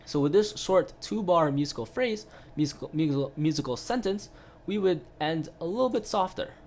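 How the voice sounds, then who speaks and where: A man's voice: on the high side, expressive, moderate pace, a little mellow. A man giving a casual online piano lesson, explaining step by step with lots of "right?" tag questions and filler sounds. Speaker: piano teacher.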